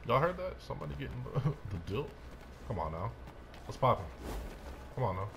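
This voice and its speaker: A man's voice: mid-range voice, sing-song, brisk, creaky, noisy background. A young man giving hyped let's-play commentary, trash-talking and whooping as he plays. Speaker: gameplay commentator.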